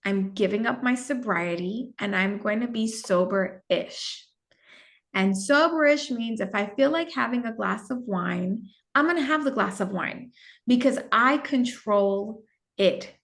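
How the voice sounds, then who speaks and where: A woman's voice: fairly high pitch, animated. Candid woman telling a personal story. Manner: candid and reflective, with some halting restarts. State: gets emotional at times. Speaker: podcast guest.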